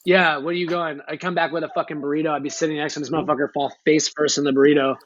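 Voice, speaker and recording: A man's voice: a little high, flat delivery, racing. A man, a guest on a chat podcast, teasing a friend in profane, slangy talk. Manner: profane, teasing, heavy on 'bro'. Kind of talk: casual chat. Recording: slightly dull lo-fi sound with faint noise.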